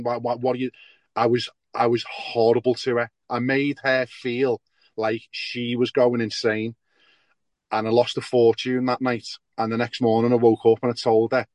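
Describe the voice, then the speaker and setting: A man sharing his story at a recovery meeting over a video call, emotional and halting, often repeating words as he speaks. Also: medium pitch, no echo.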